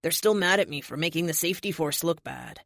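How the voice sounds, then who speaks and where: A woman's voice: low-pitched, animated, a little fast, gravelly, no echo, clean studio sound. A woman voicing a protective, earnest male friend who talks in a worried tone. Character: big loyal protective male best friend.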